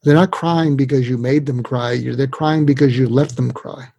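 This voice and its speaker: A man, a psychiatrist guest, talking in an animated storytelling way and jumping his pitch up to act out the people he quotes. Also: normal speed, gravelly, breathy edge, no echo. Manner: acts out quoted voices with big pitch jumps.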